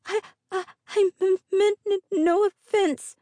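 A woman's voice: high-pitched, lively intonation, measured pace, warm tone, dry recording, voice pushed up. A woman voicing a timid young female creature with hooves and horns, who stammers nervously. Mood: frightened stammering.

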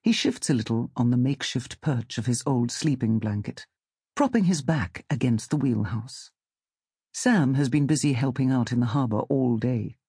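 A male narrator reads a scripted audiobook story in a calm, measured way. His middle-pitched voice is slightly breathy, and the close mic makes the recording dry with no room sound.

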